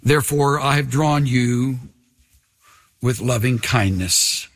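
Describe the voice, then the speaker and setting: An older man preaching a sermon in an earnest way, slowing down and dropping to a hush on key lines. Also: fairly high pitch. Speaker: pastor. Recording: long reverb of a large hall.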